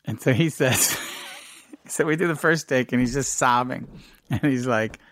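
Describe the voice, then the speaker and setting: Man, middle-aged, filmmaker guest, animated anecdotes, dead dry sound. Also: medium pitch, unhurried, dry recording. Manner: animated anecdotes with quoted dialogue and laughs. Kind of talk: casual interview storytelling.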